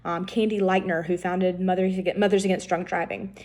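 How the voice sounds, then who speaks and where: A woman's voice: lowish voice, flat delivery, brisk, a little mellow. A woman giving a recorded lecture, explaining step by step with frequent ums and self-corrections. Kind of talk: recorded lecture on political science.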